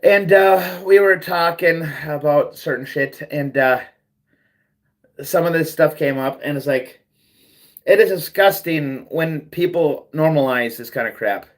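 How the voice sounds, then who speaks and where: A man's voice: fairly high pitch, a little slow. A man hosting a livestream, ranting bluntly and profanely, repeating himself as he goes. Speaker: livestream host. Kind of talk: ranting monologue.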